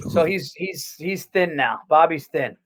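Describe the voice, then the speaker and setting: A guest comedian on a podcast tells profane, animated stories in casual chat, full of quick restarts. His voice is fairly high-pitched, and the recording is rough.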